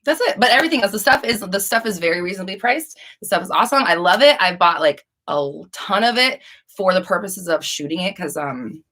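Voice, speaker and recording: A woman's voice: medium pitch, animated, a little fast, bright, forceful tone. A young woman hosting a live Q&A stream, rambling and casual with frequent restarts and swearing. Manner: rambling, profane, chatty with restarts. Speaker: livestream host.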